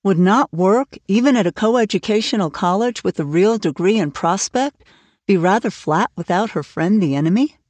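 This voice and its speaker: A woman narrating a classic novel aloud in a steady, clear storytelling manner. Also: fairly low pitch, no echo. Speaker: audiobook narrator. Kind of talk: scripted narration.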